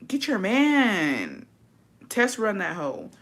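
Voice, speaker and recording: A bright, forceful voice from a woman, talking straight to camera as a vlogger. She swears freely and plays things up dramatically, slipping Spanish phrases into casual chat. Her pitch sits at an ordinary middle. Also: very animated, slow.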